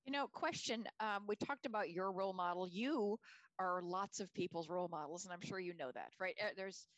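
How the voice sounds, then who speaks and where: A woman's voice: on the low side, brisk, a bit bright, no echo, rough recording. A woman co-hosting a podcast who asks an admiring, rambling question. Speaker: podcast co-host. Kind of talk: interview questions.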